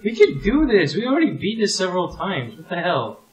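A man's voice: high voice, brisk, echoey room, highs cut off. A man chatting casually and joking while co-playing a shooter game. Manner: lively, laughing, jokey banter. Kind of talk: casual gaming chat.

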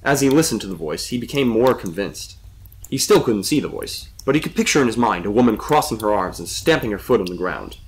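A man reading a spooky story aloud in scripted narration, with expressive delivery. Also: lowish voice, a little fast.

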